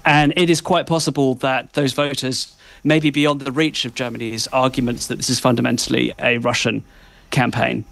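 Gravelly-voiced male correspondent, dry sound. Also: medium pitch, flat delivery, a bit bright, dry recording. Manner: articulate, analytical, with occasional "um" pauses. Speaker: foreign correspondent. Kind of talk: live radio interview.

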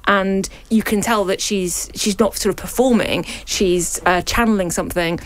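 A woman's voice: medium pitch, normal speed. A woman from North London, a panel guest in a studio discussion, who talks thoughtfully and earnestly with stammering starts.

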